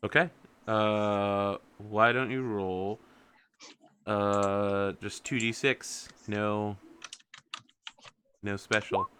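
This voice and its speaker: A man narrating a tabletop role-playing game as game master, with playful, animated storytelling. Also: lowish voice, drawn-out words, long pauses, slight background noise.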